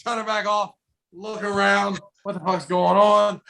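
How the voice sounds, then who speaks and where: Speaking a little slowly with vocal fry, a high-voiced male podcast co-host tells a story amid slight background noise. He's animated and profane, swearing freely and performing what people said in casual conversation.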